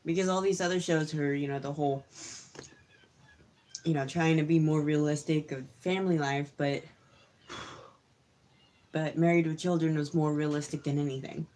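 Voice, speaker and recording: A woman's voice: deep voice, steady tone, moderate pace, long pauses, dark tone. A woman co-hosting a casual livestream chat, telling rambling stories with frequent giggles and restarts. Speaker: co-host.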